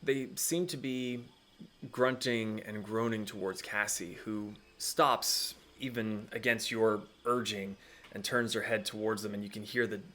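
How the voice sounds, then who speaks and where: A man's voice: on the low side, steady tone, a little slow, sharp tone. A man acting as dungeon master, narrating a tabletop game with frequent ums and restarts.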